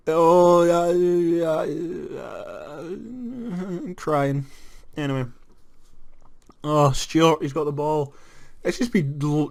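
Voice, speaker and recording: A young Scottish man giving casual let's-play commentary on a football management game, moving from flat disappointment to excited shouts. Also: mid-range voice. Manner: animated, jumps to excited shouts at goals. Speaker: gaming commentator.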